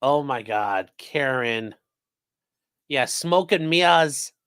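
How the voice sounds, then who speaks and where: A man's voice: medium pitch, animated, slow pace, fairly bright tone, clear, resonant tone. Sarcastic man doing live-stream commentary. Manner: sarcastic, rambling, reads chat aloud. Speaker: streamer host reacting to trial news.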